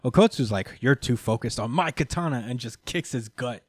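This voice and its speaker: A man with an ordinary, mid-range voice recapping a story for friends in a loose, animated way, jumping into characters' lines as he goes. The sound is dry and close, with no room around it. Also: medium pitch, a little fast, dry recording. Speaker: podcast host recapping manga. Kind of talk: casual chat.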